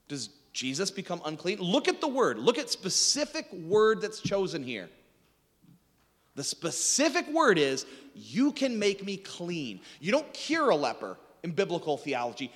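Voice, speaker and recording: A man preaching a sermon in a conversational, animated way, quizzing his listeners with questions. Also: sits high, big-room sound.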